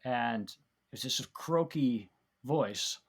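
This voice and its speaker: Husky and expressive, this man's mid-range voice takes its time as he guests on a podcast. He reminisces in a warm, rambling way during casual chat, restarting often and leaning on fillers.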